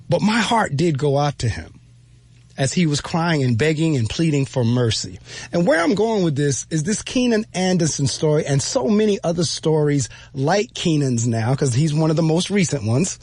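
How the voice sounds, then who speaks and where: A man's voice: fairly high pitch, darkish tone, slightly rough, dry recording. A man giving an earnest spoken reflection, emphatic and repeating his phrases for weight. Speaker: speaker giving a motivational talk.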